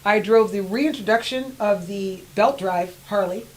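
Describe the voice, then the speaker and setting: An older woman tells her riding stories as a podcast guest. She talks in a lively way, laughs easily, and acts out what people said. Her voice sits at an average pitch for a woman, with a faint hiss behind it. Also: a little slow, rough recording. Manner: animated, laughs often, acts out quoted voices. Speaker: guest rider. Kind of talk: storytelling in a casual interview.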